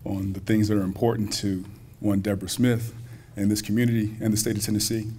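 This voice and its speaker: A man's voice: fairly low pitch, flat delivery, brisk, mellow, a little hiss or hum. A man speaking as a college president at a community banquet, folksy and joking, talking directly to the audience. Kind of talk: public speech at a banquet. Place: school hall at a banquet.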